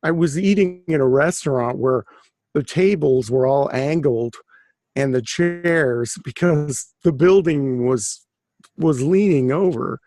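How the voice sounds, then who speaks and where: A man's voice: a little high, slow, dark tone, dry recording, clean studio sound. A man guest on an interview, talking about his books in a rambling, chatty way with many restarts. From Southern California. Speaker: author and guest. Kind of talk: casual conversational interview.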